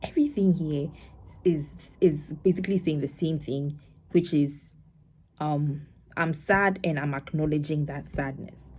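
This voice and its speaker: A young spoken word poet guides a live audience through her poem in a slightly low, mellow, warm voice, reflective, conversational, and unhurried. Now and then she acts out other people's words in a brighter tone, over a little hiss or hum.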